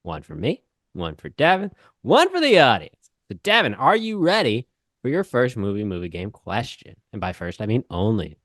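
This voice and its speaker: A man co-hosting a podcast, talking in loose, teasing banter. His pitch jumps around a lot, and the recording is dry and close. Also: moderate pace, no room sound. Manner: animated, jokey, teasing. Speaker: podcast co-host. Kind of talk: casual banter.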